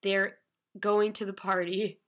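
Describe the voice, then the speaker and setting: A woman co-hosting a podcast, chatting casually and narrating TV scenes in an animated way, laughing often. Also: mid-range voice, slow pace. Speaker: podcast co-host. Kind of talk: casual TV recap chat.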